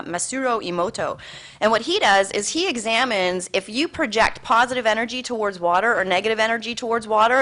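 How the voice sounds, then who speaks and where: A woman giving a motivational talk to a live audience, telling stories in an animated, conversational way. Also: on the high side. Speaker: motivational speaker.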